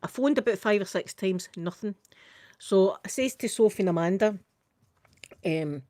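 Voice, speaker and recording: A woman's voice: medium pitch, normal speed, pauses often, mellow, no echo. A middle-aged Scottish woman chats away to her live stream, her words tumbling out with plenty of local turns of phrase. Her voice sits in a middle register and sounds close and dry, with no room around it. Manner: chatty, tumbling, full of local idiom. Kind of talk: casual storytelling chat.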